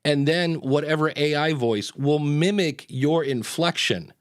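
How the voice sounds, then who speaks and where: A man's voice: fairly high pitch, measured pace, dry recording. Rambling podcast host man, dry sound. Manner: rambling, tangent-prone, many fillers. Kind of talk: casual live-show chat.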